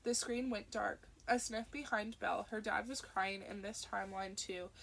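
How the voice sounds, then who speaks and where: A woman narrating an audiobook in a steady, expressive voice with a noticeably gravelly texture. Her pitch sits in an ordinary middle range. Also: normal speed, a little hiss or hum. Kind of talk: audiobook reading.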